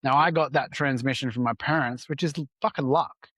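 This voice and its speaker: A man's voice: mid-range voice, brisk, a bit bright, slightly rough, no echo. Candid man telling stories, dry sound. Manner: candid, casual swearing, acts out dialogue. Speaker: entrepreneur guest. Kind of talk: conversational podcast storytelling.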